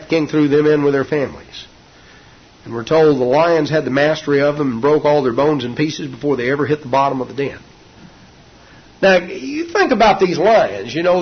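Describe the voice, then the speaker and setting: A man's voice: on the high side, breathy edge. A male preacher telling a scripture story in a sermon, with a folksy, homely storytelling manner. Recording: dull lo-fi recording.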